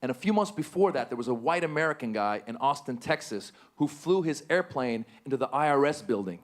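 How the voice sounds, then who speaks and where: A Middle Eastern man performs stand-up on a live stage, animated and jumping to excited squeals on his punchlines. His voice is medium-pitched and fairly quick.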